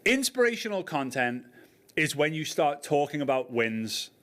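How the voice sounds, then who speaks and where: A man's voice: fairly high pitch, very animated, normal speed, a bit bright. A man coaching an online class, chatty, repeating his points and checking in with the listeners. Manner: chatty, repeats points, asks "right?" often. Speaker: network marketing coach.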